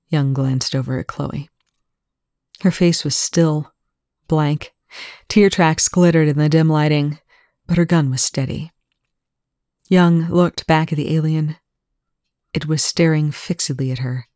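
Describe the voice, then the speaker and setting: Measured reader with a dry close sound. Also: mid-range voice, fairly even intonation, darkish tone, dry recording. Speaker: audiobook reader. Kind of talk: fan fiction audiobook narration.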